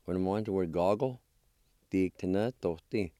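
A man's voice: low-pitched, brisk, dark tone, dry recording, clean studio sound. A man teaching a spelling and pronunciation lesson, patiently sounding out syllables one at a time and encouraging his learners. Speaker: language teacher.

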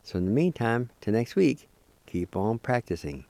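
A man teaching a language lesson as host of a weekly program. He spells words out syllable by syllable, repeats them slowly and encourages beginners to practice. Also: medium pitch, big pitch swings, vocal fry, dark tone, no echo.

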